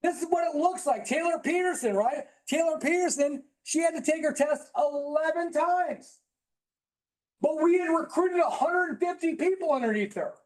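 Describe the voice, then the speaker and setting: A man giving an emphatic, preachy, high-energy motivational talk to a live audience, at times yelling. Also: normal speed. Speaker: motivational speaker at a business training. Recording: roomy echo in a hall.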